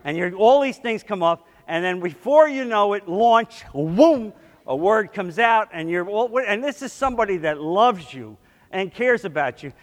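High-voiced preacher in a reverberant hall. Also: male voice, lively intonation, moderate pace. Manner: emphatic, swings between loud bursts and soft asides. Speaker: pastor. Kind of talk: sermon.

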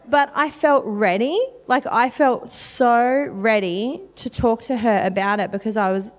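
Woman in her 30s, preacher, casual testimony, slightly high voice, hall reverb. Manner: candid and chatty, many fillers. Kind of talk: personal testimony sermon.

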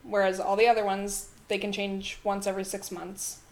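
A woman's voice: mid-range voice, little pitch movement, moderate pace. A young woman from Ontario, a podcast guest recalling her restaurant job, easygoing and laughing often. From Ontario, Canada. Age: young adult. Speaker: podcast guest, former theme park restaurant worker. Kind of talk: casual podcast chat.

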